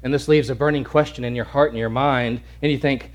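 A male preacher giving a dramatic sermon, swinging from shouted lines to hushed near-whispers and repeating words as he acts out the scene. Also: mid-range voice, steady tone, a little fast, hardly any pauses.

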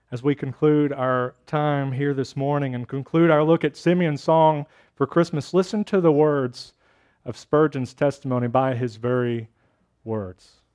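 High-voiced male pastor preaching. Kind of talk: sermon.

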